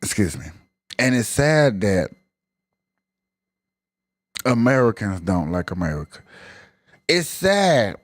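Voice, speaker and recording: A man's voice: lowish voice, very animated, slow pace, pauses often, no echo. A man hosting a live stream, ranting in emphatic, colloquial casual commentary.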